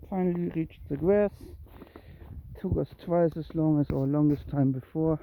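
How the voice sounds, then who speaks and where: Outdoors in the woods and grass at dusk, a cat owner films a kitten on a walk, narrating casually into a handheld phone that gives a tinny sound. The voice is gravelly and coaxing, moving at a measured pace with frequent pauses, and calls to the kitten with high meows.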